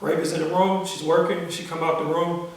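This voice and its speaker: A man's voice: on the high side, level tone, far from the mic. Emotional young man in a roomy echo. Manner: slow, halting and emotional, with many pauses and restarts; casual slang-filled speech. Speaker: vlogger. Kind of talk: personal storytime vlog.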